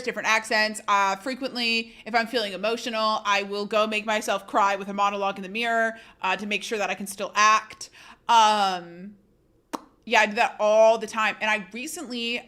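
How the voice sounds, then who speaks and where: A woman streamer chatting casually with her viewers, animated, laughing often and swearing freely. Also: fairly high pitch. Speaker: live streamer.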